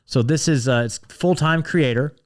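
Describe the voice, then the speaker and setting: A man's voice: a little high, normal speed. A man hosting a podcast, delivering a fired-up, profane monologue full of restarts and fillers, like an evening pep talk. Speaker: podcast host.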